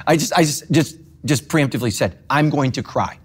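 A man's voice: mid-range voice, animated, moderate pace. Middle-aged guy pastor giving a sermon, chatty and heartfelt, cracks jokes at himself. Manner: emotional, conversational preaching with self-deprecating humor.

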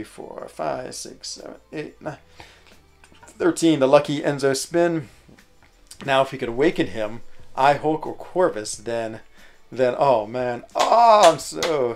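An excitable man doing live-stream game commentary, voice at an ordinary middle pitch. He chats along as he opens rewards and breaks into loud, laughing cheers at good pulls. Faint music plays underneath. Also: slow pace, gravelly. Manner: excitable, whoops and laughs over lucky pulls.

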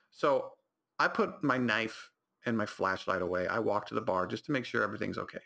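A young man hosting a podcast, telling a comedic story in a rambling, animated way and correcting himself often. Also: lowish voice, fairly quick, creaky. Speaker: podcast host.

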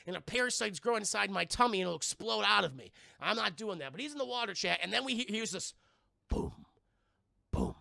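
A man streaming live, recapping a film casually, profane and excitable, and talking to his chat throughout. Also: high-pitched, creaky, dry recording, studio quality.

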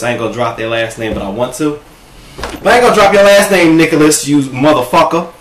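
A man vlogging a casual reaction-video rant from home, sassy, profane and animated, talking to his own camera. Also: medium pitch, a little hiss or hum. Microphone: camera set up in front of him. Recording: echoey room.

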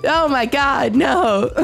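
A young woman streaming a game, chatting casually and excitably with her viewers, often giggling. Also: sits high, gravelly. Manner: excitable, giggly, talks to chat. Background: faint background music.

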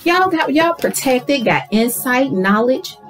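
Animated woman doing a spiritual card reading. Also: sits high, takes it slowly, soft background music, low-quality recording. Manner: animated, talks to viewers as y'all, affirming. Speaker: tarot card reader.

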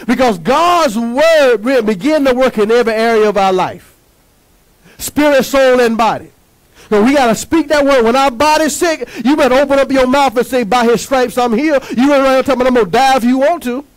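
During a sermon, a male pastor with a remarkably high voice preaches fervently, throwing questions at the congregation and pausing for their replies. His emphatic, rhythmic style relies heavily on call-and-response, spoken a little fast on a low-quality recording.

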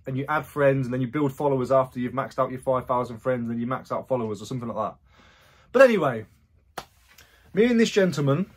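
A man's voice: mid-range voice, husky. A man, chatting casually in a rambling vlog about his resale sales and his past. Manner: chatty, rambling, self-correcting asides. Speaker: online reseller.

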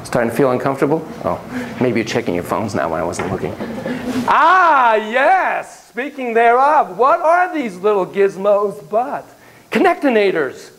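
This male lecturer has a high-pitched voice and a moderate pace, teaching his class with dramatic energy that swings from hushed to loud. He often fires questions at the students, and the poor audio carries a little hiss or hum.

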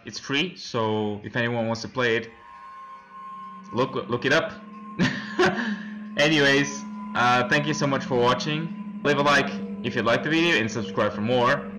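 Young male let's-player, bright tense voice, jumpy horror-game commentary full of nervous laughs. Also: medium pitch, measured pace, soft background music, poor audio. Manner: jumpy reactions, reading game text aloud, nervous laughs. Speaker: let's play gamer.

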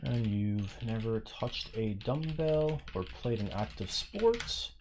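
A young man streaming a game, ranting indignantly with lots of swearing and sudden bursts of yelling. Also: on the low side, animated, slow pace, noisy background. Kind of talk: live stream commentary.

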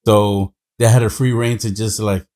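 A man co-hosting a podcast in casual chat, teasing his partner with quick wisecracks. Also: on the low side, darkish tone. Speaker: podcast co-host.

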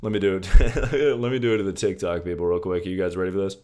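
At a quick pace, a young man hosts a casual livestream in a very deep, steady, slightly mellow voice. He's laid-back and playful, curses a lot, and calls the people in his chat "dude" and "brother."

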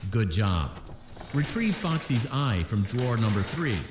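A man voicing a recorded game instructor who gives calm task instructions and announcements. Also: medium pitch, unhurried, roomy sound, over music. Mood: instructing. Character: calm male game instructor voice giving tasks.

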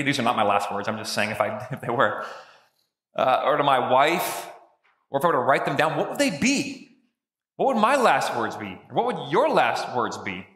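A man's voice: on the high side, sharp tone. A man pastor giving a sermon in a conversational, joking storytelling way, in a church sanctuary. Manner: conversational, jokey storytelling preacher. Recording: echoey room with long reverb.

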